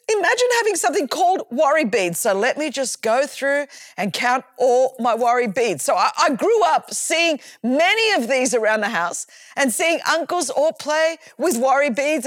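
High-pitched woman, animated storyteller, dry recording, faith podcast host. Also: no room sound. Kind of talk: faith talk with personal stories.

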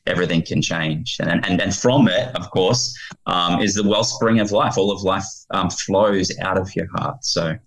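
A man's voice: sits low, moderate pace, creaky, low-quality recording. A man speaking earnestly as a guest on fatherhood and faith, quoting scripture. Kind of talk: earnest podcast conversation.

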